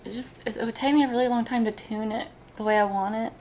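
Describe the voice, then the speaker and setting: A woman talking on a live stream in casual chat, speaking emotionally, with halting restarts. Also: a little high, fairly even intonation, darkish tone, a little hiss or hum.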